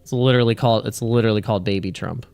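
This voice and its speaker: A man's voice: fairly low pitch, fairly even intonation, racing, vocal fry, darkish tone, smooth, faint music behind. Rambling man hosting a crypto livestream. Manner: rambling, restarts often, laughs at own jokes. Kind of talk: casual livestream chat.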